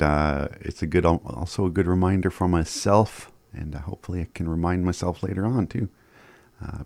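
In a radio studio, a man with a low, slightly mellow voice hosts community radio, reading the daily announcements in an easygoing way. He chuckles and trips over words now and then, and there is no echo.

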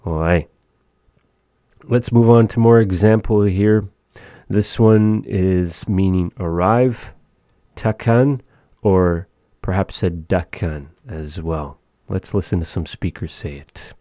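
Male language teacher, low dark voice, unhurried, dry close sound. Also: no echo. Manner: relaxed, chatty, repeats words slowly. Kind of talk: casual language lesson.

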